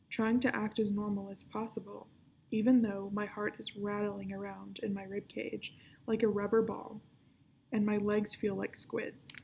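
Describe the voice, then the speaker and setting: A woman librarian reading a children's novel aloud in a steady, unhurried storytelling manner. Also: mid-range voice, gravelly, a little hiss or hum, low-quality recording.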